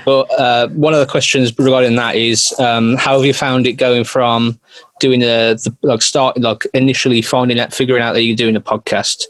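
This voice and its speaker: A man's voice: medium pitch, level tone, moderate pace, fairly bright tone, no echo, rough recording. A young man guesting on a podcast, asking a long question in a rambling, friendly way. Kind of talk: casual podcast chat.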